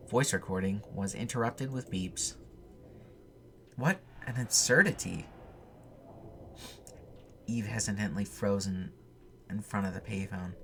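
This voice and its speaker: Man, bright tone, fairly low voice, reads game text with offhand comments, faint hiss. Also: a little slow, long pauses. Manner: reads narration aloud with casual asides. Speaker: gamer reading a text game aloud. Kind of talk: let's play reading and commentary.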